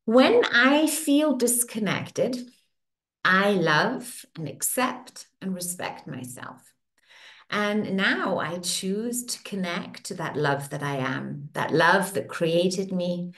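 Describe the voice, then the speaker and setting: A middle-aged facilitator leading a women's circle guides the group through tapping and affirmations. Her mid-range voice is slow but lively, rising and falling, and her soothing lines repeat in a steady rhythm. The room echoes noticeably.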